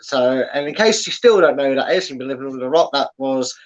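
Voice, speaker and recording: A man's voice: medium pitch, fast. Chatty man on dull lo-fi audio. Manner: chatty, filler-heavy, explanatory. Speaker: podcast host guest. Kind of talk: casual chat.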